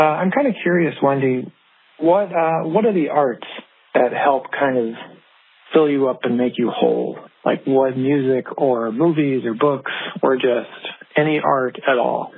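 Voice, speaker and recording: A man's voice: medium pitch, a little slow, vocal fry, breathy edge. A man from California, a listener, asking a hesitant, polite question in a recorded message over a tinny phone line.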